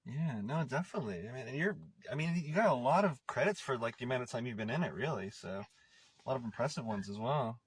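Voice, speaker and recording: A man's voice: medium pitch, lively intonation, fast talker, husky. A man hosting an interview show, asking rambling questions full of "like" and "I mean". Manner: rambling, heavy use of "like" and "I mean". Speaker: podcast host. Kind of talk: casual interview talk.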